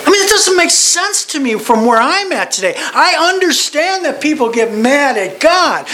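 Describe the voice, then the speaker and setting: A man's voice: very high-pitched, big pitch swings, moderate pace, hardly any pauses, bright, forceful tone, a little hiss or hum. A man teaching a Bible study in a conversational way. He is digressive and often restarts and repeats words.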